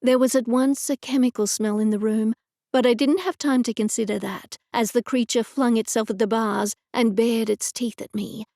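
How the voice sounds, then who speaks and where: A woman narrating a cozy mystery audiobook in a measured first-person storytelling manner. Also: on the high side, steady tone, dark tone, no echo, studio quality.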